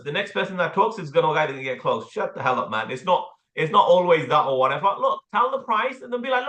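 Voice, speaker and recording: A man with an English accent coaching a sales team, blunt and animated, with casual slang and the odd swear word. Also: sits high, fast talker, few pauses, echoey room. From England. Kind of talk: sales training talk with role-play.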